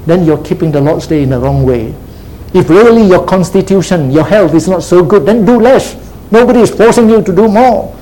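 A man's voice: a little high, dark tone, slight background noise, poor audio. A man preaching a sermon as pastor, teacherly, repeating key phrases and checking in with "See?" and "Huh?".

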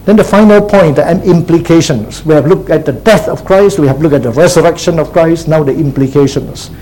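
Male pastor, sermon, teacherly, repeats points for emphasis, warm tone. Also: on the high side, a little fast, rough recording. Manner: checks in with frequent "See?" and "Huh?".

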